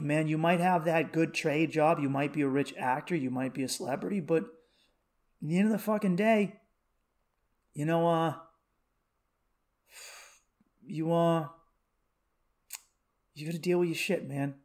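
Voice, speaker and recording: A man in his thirties hosting a comedy podcast alone, rambling through profane, animated stories and rants. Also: a little high, moderate pace, pauses often. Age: 30s. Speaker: podcast host. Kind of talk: comedic solo podcast rant.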